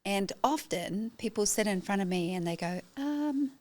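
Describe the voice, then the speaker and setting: A middle-aged New Zealand woman, a photographer and educator, appears as a guest on a podcast interview. Speaking at normal speed in a medium-pitched voice, she tells her story emphatically and animatedly, acting out what she said to people.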